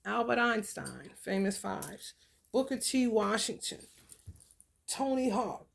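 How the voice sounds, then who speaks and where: Blunt, gravelly-voiced woman vlogger. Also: mid-range voice, slow pace. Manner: blunt, profane, animated commentary with loud outbursts. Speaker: spiritual content creator. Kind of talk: casual spiritual vlog reading.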